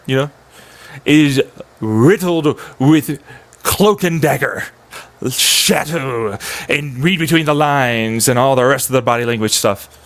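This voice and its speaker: A man ranting in a casual, profane, rambling monologue as a streamer, often slipping into mocking voices. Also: mid-range voice.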